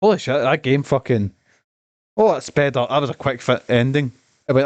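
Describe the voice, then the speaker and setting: A man commenting on a game during his stream, rambling, profane and excitable, with a cough. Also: medium pitch, fairly quick, no echo. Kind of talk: casual gaming stream commentary.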